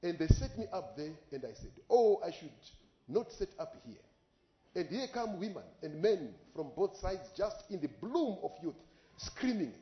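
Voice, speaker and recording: A man preaching a sermon as an impassioned storyteller whose voice rises sharply on exclamations, paused for live interpretation. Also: high-pitched, sing-song. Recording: echoey, dull lo-fi recording.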